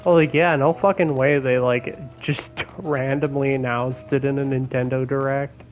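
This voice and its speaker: A young man chatting casually while streaming a game, excitable and swearing a lot, with laughs between his words. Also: medium pitch, moderate pace, lo-fi sound, soft background music. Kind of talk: casual gaming stream chat. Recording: faint background noise.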